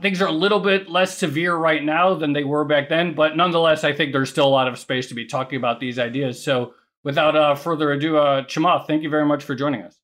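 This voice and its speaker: Male co-host, slightly raised pitch, chatty interviewer with restarts. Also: steady tone, quick pace, few pauses, a bit bright. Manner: chatty, asks questions with restarts. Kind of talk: interview hosting.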